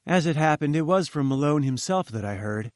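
A man reads a classic tale aloud in a measured, expressive way, shading the narrator's own dialogue with feeling. His voice sits a little above the usual male pitch. The recording is dry and close. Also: no echo. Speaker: audiobook narrator.

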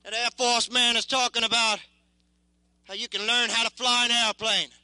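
Casting: young male war veteran, very high bright voice, intense and halting, dry close sound. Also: level tone, no room sound, poor audio. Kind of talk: impassioned spoken testimony.

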